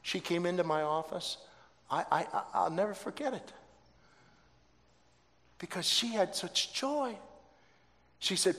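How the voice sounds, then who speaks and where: A man pastor telling stories in a sermon, animated, acting out the voices he quotes, with stammering restarts. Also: high-pitched, unhurried, long pauses. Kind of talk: sermon storytelling. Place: church sanctuary. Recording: long hall reverb.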